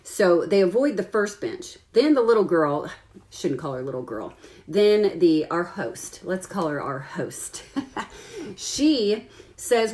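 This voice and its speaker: A woman in her forties telling a funny story to her followers on a live stream, laughing often, swearing, and acting out quotes in a loud, high voice. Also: sing-song, takes it slowly.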